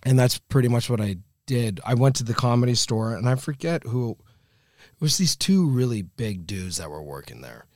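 A stand-up comedian tells stories in a casual podcast chat, swearing freely and acting out the people he quotes in an animated way. His voice is medium in pitch and his pace is normal. The studio-quality recording has no echo.

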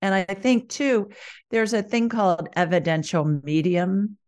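A woman's voice: medium pitch, unhurried. A woman, a guest medium in a casual interview, telling stories animatedly and acting out the dialogue she quotes. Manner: animated storyteller who acts out quoted dialogue.

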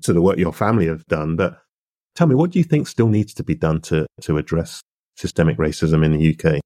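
Deep-voiced male interviewer. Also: lively intonation, a little fast, warm tone, dry recording, clean studio sound. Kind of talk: interview questions.

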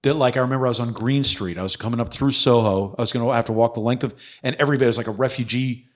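A man's voice: medium pitch, very fast. A middle-aged man, a former police detective, telling a story in a casual interview, acting out what people said and swearing freely. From New York City. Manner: animated storyteller who acts out quotes, swears freely.

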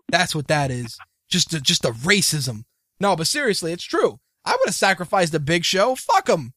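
A man's voice: sits high, very animated, normal speed, a bit bright, dry recording, studio quality. A man hosting a podcast, ranting in profane casual banter. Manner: ranting, swearing, mocking. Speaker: podcast host.

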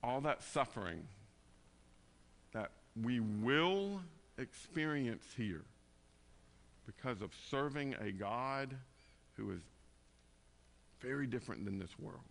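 A man preaching a conversational sermon, moving between quiet, tender passages and loud emphatic bursts. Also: mid-range voice, very animated, slow, creaky, pauses often. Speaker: pastor.

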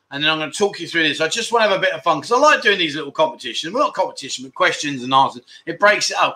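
A man's voice: sits high, pushed and bright. A middle-aged man hosting a casual livestream chat show, reading out viewer comments with jokey, self-mocking banter.

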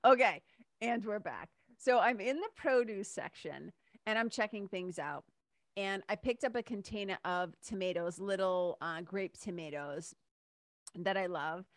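A woman's voice: mid-range voice, measured pace, no room sound, studio quality. A woman hosting her own podcast, talking in a chatty, enthusiastic way and laughing often. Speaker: podcast host. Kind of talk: casual solo podcast monologue.

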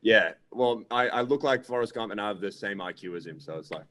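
Self-mocking low-voiced male comedian. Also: fairly quick, fairly bright tone. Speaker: comedian guest. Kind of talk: casual chat. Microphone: video call.

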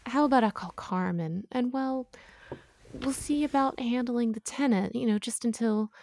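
A woman's voice: a little high, normal speed, a little mellow, dry recording, natural voice. An actress playing a motherly, middle-aged housewife in an audio drama, soothing and coaxing in a chatty way. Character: motherly, fussing older housewife, sweet yet prying.

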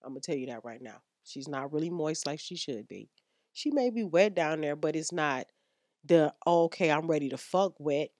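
A woman's voice: sits low, animated, moderate pace, darkish tone, no room sound, clean studio sound. A woman hosting a frank sex-advice podcast, blunt and slangy as she lectures her listeners. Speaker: podcast host.

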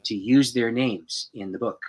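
A male pastor telling a personal story in a dramatic, expressive way, acting out the people in it. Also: mid-range voice, unhurried, rough recording. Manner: dramatic, expressive storyteller who acts out the people in his stories.

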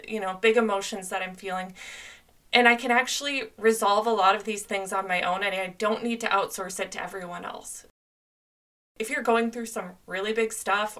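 Bright-voiced woman giving earnest advice. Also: mid-range voice, far from the mic. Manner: earnest, conversational, many "like"s. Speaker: podcast host. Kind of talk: solo podcast advice talk.

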